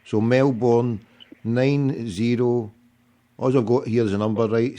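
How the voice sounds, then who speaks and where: A man's voice: medium pitch, fairly even intonation, moderate pace, warm tone. A man hosting a fan phone-in, blunt and bossy, cutting in on callers. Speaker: phone-in host.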